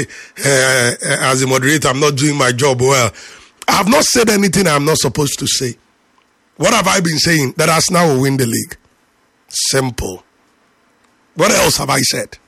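A male radio host lectures and teases a caller in a lively, preachy rant. His voice sits high with a husky, gravelly grain. The sound is dry and close. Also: no room sound. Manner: animated, teasing, preachy rant. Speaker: radio sports show moderator. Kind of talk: call-in sports talk radio.

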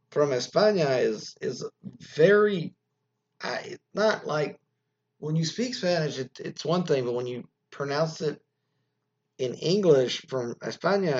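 A man's voice: mid-range voice, husky, lo-fi sound. A man hosting an internet radio show, reading an article aloud and rambling through asides with plenty of fillers. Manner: rambling, many fillers and asides, muttered side remarks. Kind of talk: casual solo commentary reading an article aloud.

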